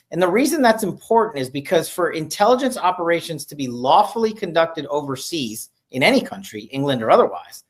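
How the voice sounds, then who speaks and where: A commentator in a played clip gives explanatory political commentary, laying out a chain of facts in a brisk and detailed way. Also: medium pitch.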